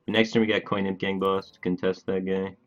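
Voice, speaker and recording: A man's voice: low voice, little pitch movement, lo-fi sound. A man streaming a card game live, thinking aloud through his moves and chatting casually with viewers. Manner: thinks aloud, plans moves in quick bursts; laid-back, talks to his chat casually. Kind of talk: live gameplay commentary.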